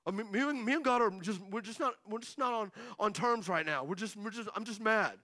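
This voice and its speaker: A pastor acting out Cain, a sulky, jealous young man who snaps short and sullen answers. The voice sits high and bright, with a close, dry sound. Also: brisk, dry recording. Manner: curt, sullen, threatening.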